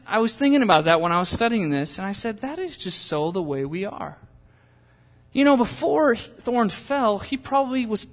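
A man's voice: high-pitched, fairly bright tone, long reverb tail. A man preaching a sermon in a conversational way, building to impassioned pleas. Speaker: pastor.

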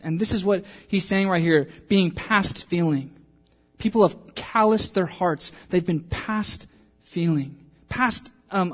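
A man preaching a sermon in church with a fairly high, light voice. He speaks earnestly, voicing the thoughts of his listeners as he goes. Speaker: pastor.

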